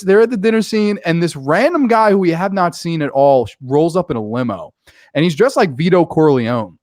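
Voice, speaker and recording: A man co-hosting a casual movie review chat, animated, laughing often and acting out scenes in voices. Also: on the high side, no room sound, clean studio sound. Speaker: podcast co-host.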